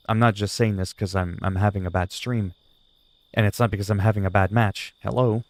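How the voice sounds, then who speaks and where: A man's voice: fairly low pitch, creaky. A man livestreaming from his computer, venting in a frustrated, sarcastic way during casual stream chat.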